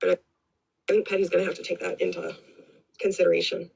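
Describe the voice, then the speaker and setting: A woman's voice: on the low side, little pitch movement, quick pace, creaky, a little mellow, breathy edge, poor audio. A woman giving blunt, rambling commentary on a live stream, swearing freely and repeating herself. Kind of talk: casual opinionated commentary.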